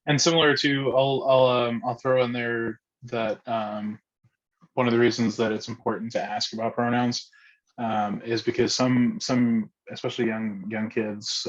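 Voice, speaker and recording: A man's voice: fairly low pitch, flat delivery, unhurried, highs cut off. A man leading a casual group discussion, talking hesitantly with many fillers and restarts. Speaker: discussion facilitator.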